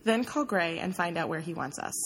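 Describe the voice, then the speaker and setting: A woman reading an audiobook, voicing a bossy, forceful young woman journalist with an emphatic, pushy delivery. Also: on the low side, animated, brisk, breathy edge.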